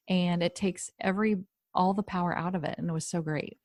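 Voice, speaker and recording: Low-voiced woman coaching on a podcast. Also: fairly quick, hardly any pauses, no room sound, clean studio sound. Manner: calm, direct, coaching. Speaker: podcast host and life coach. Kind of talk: podcast talk on emotional self-regulation.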